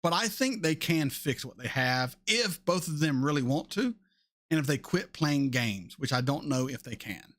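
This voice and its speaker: Blunt, casual-talking man, fairly high voice. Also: normal speed. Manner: blunt, swears freely, animated. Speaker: reaction channel host. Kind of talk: casual chat answering viewer questions.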